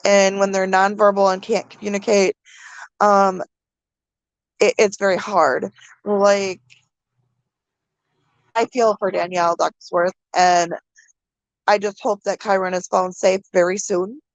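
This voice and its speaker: A woman vlogger from the American Midwest, talking to her viewers through tears, halting with many pauses and fillers. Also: mid-range voice, level tone, no echo, muffled recording. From Minnesota. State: crying. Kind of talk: emotional vlog talk to viewers.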